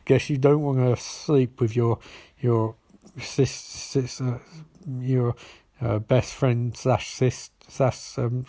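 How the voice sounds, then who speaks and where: A man voicing an impatient middle-aged male police detective who talks in a weary, halting way. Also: mid-range voice, level tone, dark tone, dry recording. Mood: teasing.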